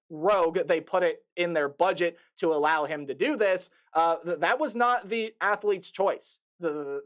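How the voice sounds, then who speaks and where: Young male college-age vlogger with a high-pitched voice, animated and stumbling over fillers, talking into a desktop mic. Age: young adult. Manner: animated, repeats himself, many fillers and restarts. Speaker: sports vlogger. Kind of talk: casual commentary. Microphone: desktop USB mic.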